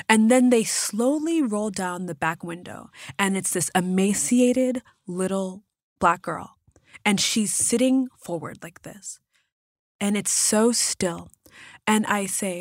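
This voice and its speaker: A woman's voice: medium pitch, unhurried, no echo. A woman guest in a studio, telling a story casually and acting out the voices, with many "like" fillers. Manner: animated, acts out quotes, many "like" fillers. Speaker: podcast guest.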